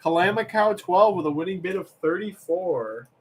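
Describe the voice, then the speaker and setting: A man's voice: sits high, animated, normal speed, slightly rough. A young man hosting a livestream auction, chatting casually and rambling as he reads comments aloud.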